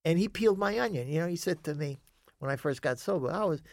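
A man's voice: a little high, lively intonation, quick pace, gravelly, dry recording, clean studio sound. A man telling his story as an interview guest, rambling and emphatic, with frequent swearing. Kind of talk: storytelling in a conversation.

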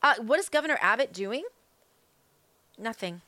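A woman's voice: a little high, lively intonation, normal speed, bright, forceful tone, dry recording. A woman hosting a political talk show, delivering a fired-up, emphatic monologue that is full of rhetorical questions. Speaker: political commentary host.

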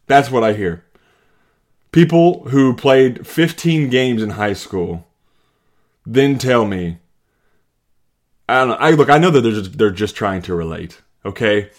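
A man in his thirties hosting a solo podcast from his basement. He rants and jokes, jumping from loud mocking bits to low muttered asides. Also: expressive, measured pace, pauses often. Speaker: podcast host. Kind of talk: solo comedic rant. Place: home basement.

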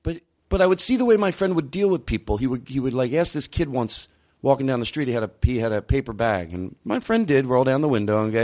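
A man hosting a podcast, ranting, swearing and jumping his pitch for emphasis. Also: expressive, quick pace, a little mellow. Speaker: podcast host. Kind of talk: heated podcast rant.

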